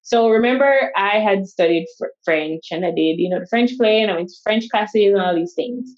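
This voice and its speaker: A woman chats as an interview guest, spinning lively stories and slipping into other people's voices as she quotes them. Her voice sits in a middle register. The recording sounds a little dull and lo-fi. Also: mid-range voice, normal speed. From Jamaica. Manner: animated storyteller who acts out quoted speech. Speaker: guest, solo travel coach. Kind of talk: casual interview chat.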